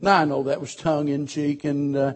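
A man preaching a sermon as pastor, telling personal stories and swinging between loud emphasis and hushed, quiet passages. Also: a little high, little pitch movement, brisk.

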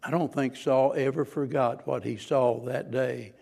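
A man's voice: mid-range voice, steady tone, a little slow, creaky, darkish tone. A man preaching a sermon as pastor, earnest and questioning, pressing his listeners with rising, emphatic points.

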